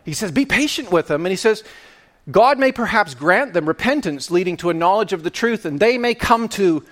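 A man preaching a sermon in an animated, playful way, acting out little scenes and quotes. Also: sits high, a little fast.

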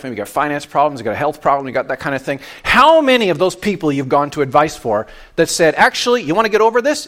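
Canadian guy preaching, kinda chatty sermon, little higher voice, restarts his sentences a lot. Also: a bit bright. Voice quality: deep voice. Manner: conversational, restarts phrases while explaining. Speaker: pastor.

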